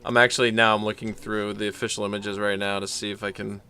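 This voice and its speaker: A man's voice: lowish voice, little pitch movement, fast talker, sharp tone. A man hosting a live stream, chatting casually in an easygoing, upbeat way. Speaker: livestream host.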